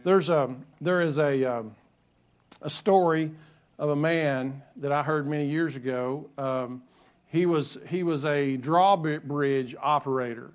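A man's voice: on the high side, unhurried. A male pastor preaching a sermon in a conversational way, repeating key phrases and adding light asides.

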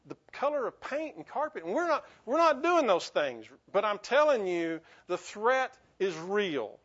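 High-pitched earnest pastor preaching. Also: male voice, a bit bright. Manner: earnest, repetitive restarts, rising to emphatic bursts. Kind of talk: sermon. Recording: dull lo-fi recording.

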